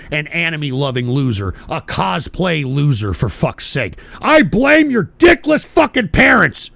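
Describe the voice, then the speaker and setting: A man hosting a radio show, ranting angrily and profanely with bursts of shouting while he smokes. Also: on the high side, vocal fry. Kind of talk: ranting monologue.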